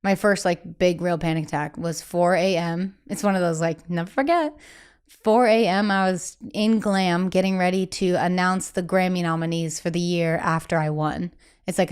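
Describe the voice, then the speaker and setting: Smooth-voiced chatty woman singer. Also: lowish voice, moderate pace. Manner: chatty, animated, acts out quoted voices, many "like" fillers. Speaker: singer and guest. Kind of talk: candid casual interview chat.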